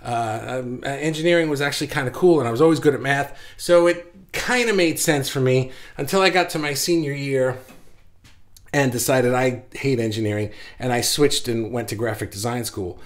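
A man hosting a casual livestream, talking fast and excitedly with lots of fillers and restarts, a bit out of breath. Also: mid-range voice. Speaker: livestream host.

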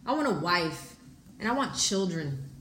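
A woman reading aloud as a selfish grown man, the boy from a storybook, with a flat, dismissive delivery. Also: fairly low pitch, measured pace, a little hiss or hum. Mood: demanding. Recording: echoey room.

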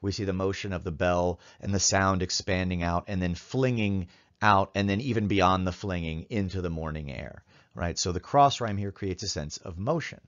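Deep-voiced man lecturing, halting and thoughtful. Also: lo-fi sound. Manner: thoughtful, halting, with many fillers and restarts; reads poetry lines aloud in a measured way. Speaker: literature professor.

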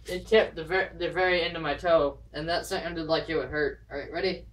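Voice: medium pitch, fairly even intonation, a little fast. Chatty vlogger rambling through viewer dares. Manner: chatty and rambling, with nervous countdowns. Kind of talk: casual vlog chat to camera. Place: indoors at home.

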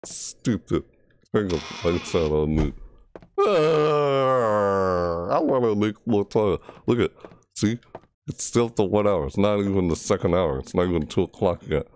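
Low-voiced man yelling at a horror game. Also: normal speed, a little hiss or hum. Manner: frustrated, talks at the game, jumpy shrieks. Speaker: gamer. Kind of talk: horror game playthrough commentary.

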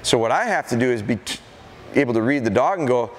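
A middle-aged man gives a live training seminar, his voice at an ordinary middle pitch. He tells anecdotes and slips into the voices of dogs and owners. His voice rings with the long reverb of a large event hall. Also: lively intonation, fast. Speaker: dog trainer leading a seminar. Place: event hall at a deer festival.

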